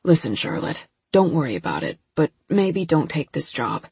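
A woman voicing a gruff middle-aged male airport agent who barks at first and then turns dismissive. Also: sits low, sing-song, normal speed, no room sound, full character voice. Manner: barking, suspicious, then gently dismissive.

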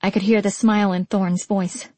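A female narrator reads a first-person story in a measured, intimate tone. Her voice is mellow and slightly husky. The recording is dry and close. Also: mid-range voice, level tone, no echo. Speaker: audiobook narrator.

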